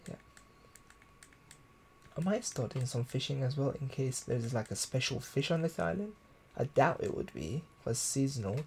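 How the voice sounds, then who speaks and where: A man's voice: medium pitch, animated, moderate pace, long pauses, mellow, slight background noise. A man streaming live gameplay, chatting casually, thinking aloud and reading viewer comments. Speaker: gaming streamer.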